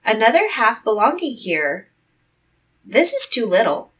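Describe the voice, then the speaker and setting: A woman's voice: fairly high pitch, big pitch swings, measured pace, a bit bright, husky, distant mic, pitched above the performer's own voice, full character voice, rough recording. A woman voicing a fearless carefree young lad. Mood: bold. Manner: bold, carefree and breezy. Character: fearless cheerful young man who cannot shudder.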